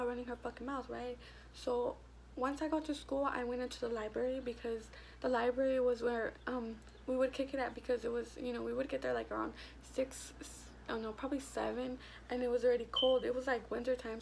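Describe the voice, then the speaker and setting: Profane young woman with a gravelly edge. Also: a little high, a little hiss or hum. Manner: blunt, profane and animated. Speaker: vlogger. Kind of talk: casual storytime.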